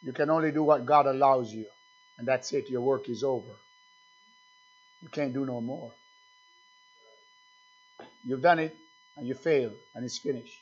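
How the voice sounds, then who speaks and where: A male pastor preaching a sermon, swinging between loud shouted declarations and low murmured asides. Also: moderate pace, long pauses, dull audio.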